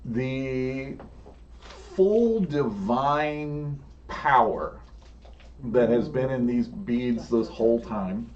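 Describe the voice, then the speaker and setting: A man narrating a tabletop game as game master, unhurried and laughing often. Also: mid-range voice, a little mellow, recorded from a distance. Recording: dull lo-fi sound, faint room noise.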